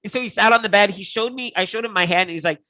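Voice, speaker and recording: A man co-hosting a relaxed chat, telling stories with lively, expressive delivery. His voice is bright and forward, and the sound is close and dry with no room around it. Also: very fast, dry recording, low-quality recording. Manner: animated storyteller, acts out quotes with big pitch jumps. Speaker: co-host. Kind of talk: casual chat.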